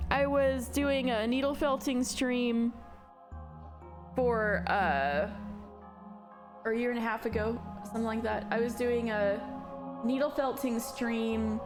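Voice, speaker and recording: A woman streaming a game, chatting casually with a giggly manner and sudden high squeals. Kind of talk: casual chat while reading a visual novel aloud. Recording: voice over loud music.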